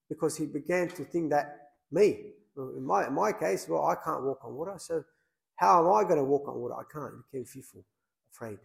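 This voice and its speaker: A man's voice: a little high, gravelly, a little mellow, rough recording. A man, a priest, preaching a sermon in a plain conversational way, with many fillers and restarts.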